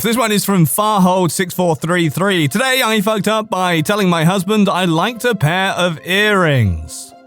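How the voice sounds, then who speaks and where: A man's voice: high voice, expressive, a little slow, hardly any pauses, a bit bright, faint music behind. A man hosting a podcast, reading online posts aloud in a casual way, now and then cracking up laughing and tripping over words. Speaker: podcast host reading stories.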